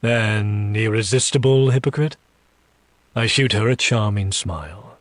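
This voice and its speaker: A man reading a first-person story aloud in an audiobook style, slow and deliberate, dropping low for menacing asides. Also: dry recording. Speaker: story reader.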